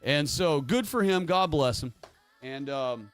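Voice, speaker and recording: A man's voice: a little high, expressive, unhurried, faint music behind. A man hosting his own livestream, talking casually in a rambling, emphatic way while reading chat messages aloud. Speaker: livestream host.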